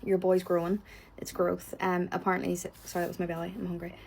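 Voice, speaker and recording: A woman's voice: on the low side, completely flat delivery, fast, vocal fry, darkish tone, slight background noise. A woman with a Northern Irish accent, chatting casually about a reality show, blunt and opinionated, swearing freely, hot and sweaty as she talks. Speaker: reality TV reviewer. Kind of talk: casual reaction chat.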